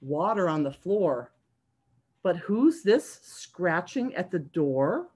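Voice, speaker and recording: Lively, slow-paced woman reading to children. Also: lowish voice, breathy edge. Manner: sing-song and animated, asks children questions. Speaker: children's librarian. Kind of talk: reading a picture book aloud to young children. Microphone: video call.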